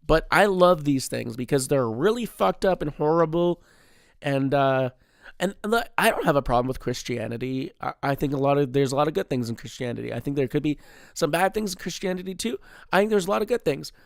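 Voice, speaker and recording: A man's voice: on the high side, brisk, vocal fry, no room sound, clean studio sound. A young man hosting his solo podcast, rambling, swearing constantly and poking fun at himself. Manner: rambling, heavy swearing, self-deprecating. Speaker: podcast host. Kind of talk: casual solo podcast chat.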